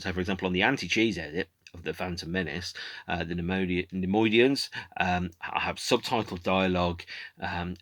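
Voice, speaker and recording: A man's voice: low voice, fairly bright tone, dry recording. A man hosting his own podcast, talking alone in a rambling, opinionated way with many false starts. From United Kingdom. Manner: rambling, opinionated, frequent restarts. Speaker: podcast host. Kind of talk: casual solo monologue.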